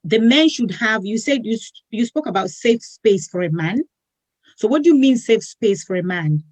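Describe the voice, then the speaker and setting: A woman's voice: a little high, animated, moderate pace, darkish tone, no room sound, poor audio. A woman hosting a talk show, speaking earnestly and repeating words as she builds her point.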